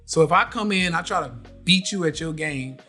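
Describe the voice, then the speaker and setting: Animated man hosting a podcast. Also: on the high side, normal speed, faint music behind. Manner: animated, preachy, repeats phrases. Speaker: podcast host. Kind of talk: casual live podcast talk.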